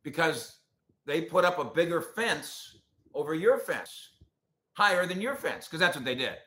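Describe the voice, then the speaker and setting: Bright-voiced opinionated male sports host. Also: a little high, unhurried, echoey room. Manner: opinionated, animated rants. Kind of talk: casual sports talk show.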